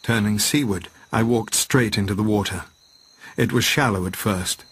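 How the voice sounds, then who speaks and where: A man narrating a classic novel as an audiobook, in a steady, measured reading voice. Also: fairly low pitch, husky.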